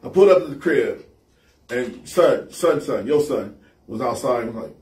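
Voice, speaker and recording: A man's voice: medium pitch, normal speed. A man co-hosting a casual podcast, telling stories in an emphatic, repetitive way. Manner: animated storyteller, emphatic and repetitive. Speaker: podcast co-host. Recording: echoey room, mic set far off.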